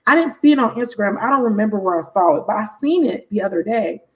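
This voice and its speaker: A woman's voice: mid-range voice, lively intonation, fast talker. A woman giving a casual, chatty tarot reading on a livestream, talking frankly and laughing often. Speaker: tarot reader.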